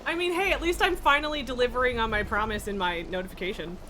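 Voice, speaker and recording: A woman's voice: on the high side, fast talker, pushed and bright, a little hiss or hum. A woman live-streaming in casual chat, laughing often, swearing and scolding her pet from her home streaming room.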